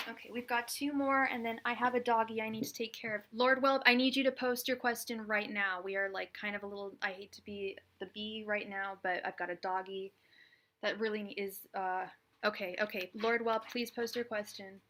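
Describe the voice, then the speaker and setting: A young woman hosting a live tarot stream, hurried and distracted as she talks to viewers, murmuring low incantations over the cards from a small room at home. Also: fairly even intonation, sharp tone, slight background noise. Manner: hurried and distracted, pausing to talk to her dog.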